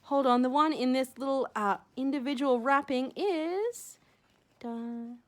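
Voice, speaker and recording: Young woman vlogger, high voice, gushy and rambling. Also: unhurried. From Australia. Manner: gushing, excitable, rambling with many fillers. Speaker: shell-collecting vlogger. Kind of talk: casual unboxing vlog.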